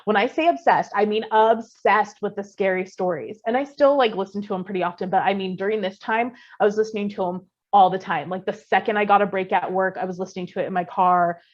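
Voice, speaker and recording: Female podcast co-host, mid-pitched, animated casual storyteller, swears freely, slightly muffled lo-fi recording. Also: fast talker, hardly any pauses. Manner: animated, chatty, swears, lots of fillers.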